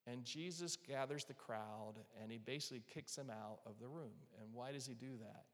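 Male pastor, mid-pitched voice, earnest preaching in a reverberant church hall. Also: normal speed. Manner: earnest preaching, softening to a hush for quoted words of comfort. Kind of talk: sermon. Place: church hall with live and online audience.

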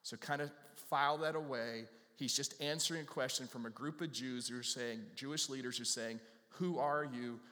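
A man's voice: medium pitch, steady tone, a little fast, hardly any pauses, pushed and bright. A man preaches to his congregation, talking through scripture verse by verse in an easy, folksy manner. His mid-range voice rings out with a long reverb from a big hall. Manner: conversational, folksy, jokes with the congregation. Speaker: pastor. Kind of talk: expository sermon.

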